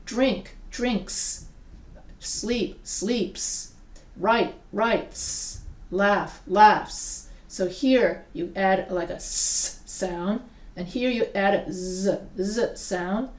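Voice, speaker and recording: Slow, deliberate woman teaching grammar. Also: medium pitch, darkish tone. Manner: reads word pairs aloud slowly and deliberately, with asides. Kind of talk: recorded classroom-style lesson. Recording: echoey room, mic set far off.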